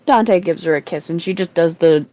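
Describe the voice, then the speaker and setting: A woman's voice: lowish voice, normal speed, mellow, no echo, lo-fi sound. A woman co-hosting a casual group podcast, talking bluntly and swearing freely. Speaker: podcast co-host.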